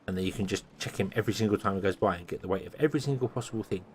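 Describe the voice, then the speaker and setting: A man's voice: sits low, rapid-fire, slight background noise. A tired man, thinking aloud with lots of fillers while streaming a game. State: tired, yawning. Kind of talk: casual gameplay commentary.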